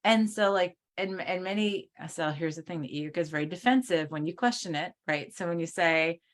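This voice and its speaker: A woman co-hosting a casual spiritual talk over a video call, chatty, full of fillers, and quick to laugh. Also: fairly low pitch. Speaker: co-host.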